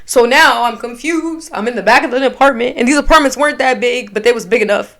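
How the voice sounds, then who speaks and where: A young adult woman telling a storytime to her viewers in a casual, animated and slangy way, often talking straight to the audience. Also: a little high, fast talker, few pauses.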